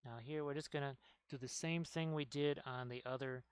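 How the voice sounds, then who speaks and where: Chatting with viewers while he paints miniatures, this man rambles through a casual tutorial stream. He speaks at a normal speed in a clear, resonant mid-range voice with fairly even intonation, and there's no echo.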